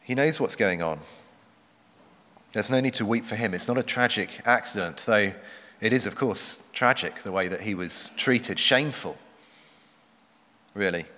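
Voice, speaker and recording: Bright-voiced preacher in a reverberant hall. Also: male voice, fairly low pitch. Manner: earnest, measured, slows for emphasis. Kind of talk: sermon.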